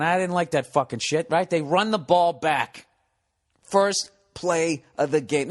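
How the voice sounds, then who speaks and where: A man hosting a podcast, telling a profane, ranting comedic story with animated delivery. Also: medium pitch. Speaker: podcast host.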